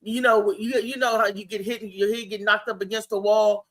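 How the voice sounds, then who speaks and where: A woman hosting a casual talk show, telling animated family stories with frequent laughter. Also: mid-range voice, fairly quick. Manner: animated storytelling, laughs often. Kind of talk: casual chat.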